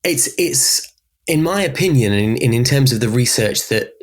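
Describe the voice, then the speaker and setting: A man with a Southern English Berkshire accent, a voice coach speaking as a guest in a conversational podcast interview, explaining things in an animated way. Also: mid-range voice, normal speed. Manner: expressive, animated explainer who often laughs.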